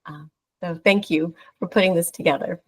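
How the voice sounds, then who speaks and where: A woman's voice: fairly low pitch, steady tone, normal speed, slightly rough, rough recording. A middle-aged woman, a former actor, speaking on a video call, gushing and close to tears. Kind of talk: casual video-call chat.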